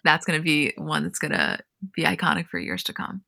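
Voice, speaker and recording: A woman co-hosting a recap show, chatting casually and reading scenes aloud in an animated way. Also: deep voice, brisk, vocal fry, no room sound, clean studio sound. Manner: animated, reads quotes verbatim with frequent "like". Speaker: podcast co-host.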